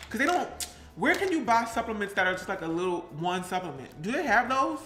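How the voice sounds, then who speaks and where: A man's voice: high-pitched, very animated, a little fast, fairly bright tone, faint music behind. Chatty man rambling in a roomy kitchen. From Pleasantville, New Jersey. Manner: chatty, rambling, breaks into song snippets. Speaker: vlogger. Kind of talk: casual live-stream chat while baking. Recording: roomy echo.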